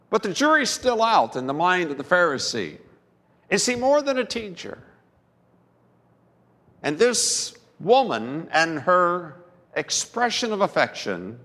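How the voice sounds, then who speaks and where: A male pastor preaches at an unhurried pace, his fairly high voice swooping up and down with emphasis. He lingers on words and leaves dramatic pauses. The sound carries the long echo of a big church hall. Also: a bit bright. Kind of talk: sermon.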